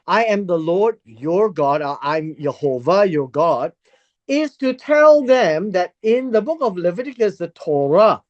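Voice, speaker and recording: A Bible study teacher who reads verses aloud and explains them word by word in an unhurried teaching style. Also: mid-range voice, big pitch swings, dull audio.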